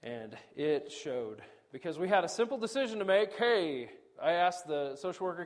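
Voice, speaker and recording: A middle-aged man preaching a sermon, animated, swinging between loud emphasis and quiet asides, often acting out quoted dialogue. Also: fairly high pitch, normal speed, few pauses. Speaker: pastor.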